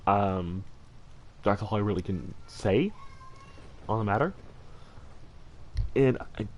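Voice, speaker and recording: A man chats casually during a game stream in a fairly low voice, earnest and heartfelt. He rambles, restarting sentences and padding them with fillers. A faint hum sits behind him. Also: a little mellow, rough recording. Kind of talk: casual livestream chat while gaming.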